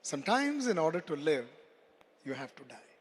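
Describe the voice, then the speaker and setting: A man voicing a wise female parrot in a told story, pleading and then calm. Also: high voice, measured pace, husky, heavily acted. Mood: knowing. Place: large conference hall. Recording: long hall reverb.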